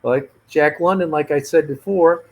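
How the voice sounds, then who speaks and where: Dog trainer guy reacting to a video, worked up and emphatic, voice on the higher side. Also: moderate pace, vocal fry, darkish tone. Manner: indignant, emphatic, repeats key words. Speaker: dog trainer, podcast host.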